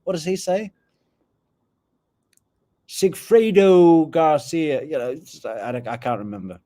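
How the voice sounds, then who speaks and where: A man from Europe, live-streaming casual commentary and chatting with his viewers in a halting way with fillers. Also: medium pitch, big pitch swings, dark tone. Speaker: true crime streamer.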